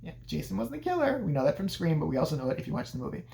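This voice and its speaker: A man's voice: fairly high pitch, sing-song, very fast, creaky, mellow. A man casually recapping a horror movie in a profane, sarcastic way. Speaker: movie reviewer.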